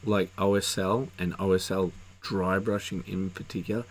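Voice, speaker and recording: A man's voice: low voice, flat delivery, moderate pace, a loud crowd. A man with a sick voice chatting casually on a live stream, rambling with many fillers and restarts. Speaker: co-host reviewing miniatures.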